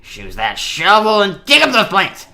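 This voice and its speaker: A man voicing a manic, eccentric male neighbor from a video game, in a high, strained, shouty voice. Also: wildly swooping pitch, unhurried, a crowd in the background, exaggerated voice.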